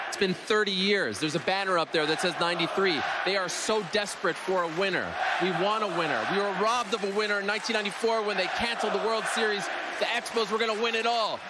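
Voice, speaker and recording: A fairly high-voiced man from Montreal gushes with emotion as a guest on a panel, running on and on. He speaks inside a packed arena, with a thick wash of crowd noise all around him. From Montreal, Canada. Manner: emotional, gushing, talks at length. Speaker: guest, MMA journalist. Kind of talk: excited panel interview.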